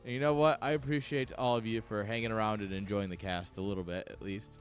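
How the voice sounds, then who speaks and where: A man's voice: on the low side, steady tone, fast, soft background music. A man chatting casually on his livestream from home, tipsy, loose and profane, rambling from one tangent to the next. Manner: loose, rambling and profane, laughs between thoughts. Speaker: stream caster.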